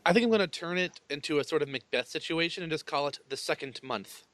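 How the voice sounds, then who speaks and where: Brief: joking male podcast co-host, higher-pitched voice, dry close sound. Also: fast talker, a bit bright, no room sound. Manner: joking, wry. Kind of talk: casual chat.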